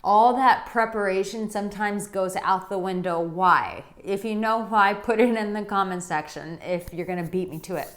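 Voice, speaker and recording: A woman dating coach talking straight to her viewers, chatty and animated as she tells a personal story. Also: mid-range voice, normal speed, few pauses. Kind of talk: direct-to-camera advice vlog.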